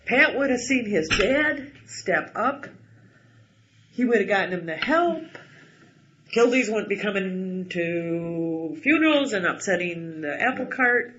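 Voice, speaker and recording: Rich: A fairly high-voiced man with a bright, forward tone, speaking bluntly and with agitation as he works through a painful family history. He swears when he gets angry. The recording sounds dull and lo-fi. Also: animated, a little slow. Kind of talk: emotional personal conversation.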